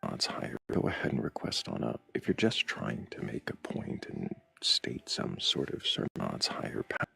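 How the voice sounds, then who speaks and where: Deep gravelly man pressing questions. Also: wildly swooping pitch, moderate pace, few pauses, pushed and bright. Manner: blunt, pressing questions, interrupts. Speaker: livestream host. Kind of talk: live debate with a caller.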